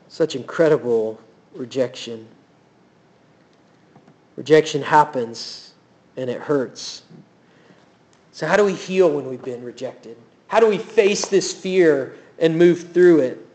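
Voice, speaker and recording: A man with a high voice delivers a sermon in a church. He tells the story with animated energy and acts out the voices of the people in it. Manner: animated storytelling, acting out quotes. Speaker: pastor.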